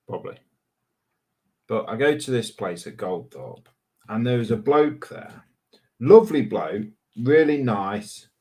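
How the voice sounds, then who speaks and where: A man's voice: medium pitch, lively intonation, measured pace, pauses often, darkish tone. A man, co-hosting a casual live chat stream and teasing his co-host. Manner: teasing, jokey. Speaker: livestream co-host.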